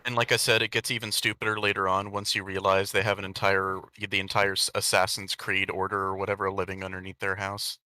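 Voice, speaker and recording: A man's voice: low voice, level tone, brisk, few pauses, bright, forceful tone. A man hosting a podcast, reading a fan story aloud with sardonic, swearing commentary. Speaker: podcast host and reader.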